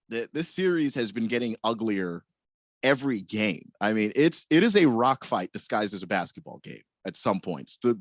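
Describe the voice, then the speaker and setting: A man's voice: mid-range voice, no echo. A man co-hosting a sports radio show, giving his picks in an easygoing, folksy way with some stammering. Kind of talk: casual sports talk. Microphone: studio microphone.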